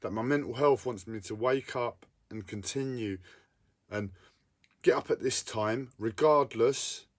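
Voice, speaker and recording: A distressed man in an unscripted personal vlog, talking in halting, repetitive bursts with a whiny edge. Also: medium pitch. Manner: repetitive, halting, self-interrupting. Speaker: livestreamer.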